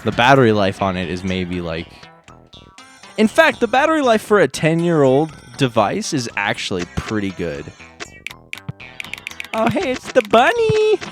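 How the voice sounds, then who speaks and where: A man's voice: mid-range voice, huge pitch swings, normal speed, faint music behind. A man chatting casually with viewers on a live stream, rambling and self-deprecating. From United States.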